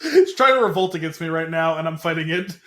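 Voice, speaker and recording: Somewhat high-voiced man, stumbling co-host. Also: lively intonation, fast talker, a bit bright, a little hiss or hum. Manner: stumbling over reading, self-mocking. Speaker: podcast co-host. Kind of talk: casual chat. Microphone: computer mic at home.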